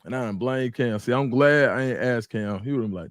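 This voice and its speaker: A man's voice: on the low side, fast talker, hardly any pauses, no echo, clean studio sound. A man hosting a casual livestream at home, talking loosely and straight to his viewers and greeting the chat by name. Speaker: livestream host.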